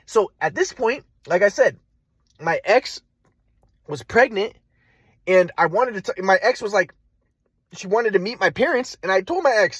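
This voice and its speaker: A man's voice: high-pitched, very animated, moderate pace, long pauses, fairly bright tone, breathy edge, dry recording. A man telling a personal story in a rambling, agitated, profane monologue. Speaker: vlogger.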